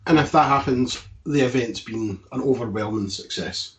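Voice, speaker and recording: A man's voice: medium pitch, moderate pace, rough recording. A man hosting a casual chat, eager and keeping the conversation moving. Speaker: host. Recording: faint background noise.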